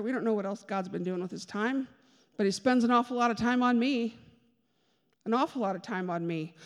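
A woman's voice: mid-range voice, darkish tone. A woman giving a conversational sermon with personal testimony, chatty and self-deprecating, with joking asides. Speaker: speaker giving a church talk. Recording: long reverb of a large hall.

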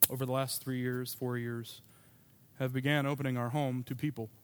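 A man's voice: medium pitch, level tone, moderate pace, a little hiss or hum. A pastor preaching a sermon to his congregation, telling a personal story in a conversational way with asides.

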